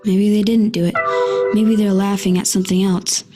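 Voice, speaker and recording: A woman voicing a schoolboy in an educational cartoon who talks himself through deep breaths to calm his anger, with loud music behind her. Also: moderate pace, natural voice.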